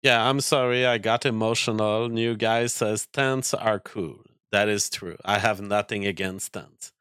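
A man's voice: on the low side, steady tone, unhurried, fairly bright tone, clean tone, no room sound, clean studio sound. A man streaming, reacting to clips with profane rants. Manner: ranting, profane.

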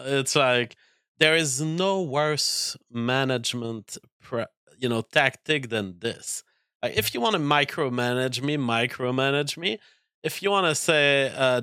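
A man's voice: mid-range voice, lively intonation, measured pace, bright, forceful tone, clean tone, no room sound, studio quality. A man streaming, reacting to clips with profane rants. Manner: ranting, profane.

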